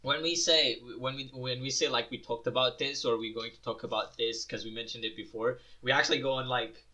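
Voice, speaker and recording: Bright-voiced young man telling stories. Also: medium pitch, steady tone, brisk. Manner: swearing, laughing storyteller who imitates voices. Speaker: podcast co-host. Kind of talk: casual chat.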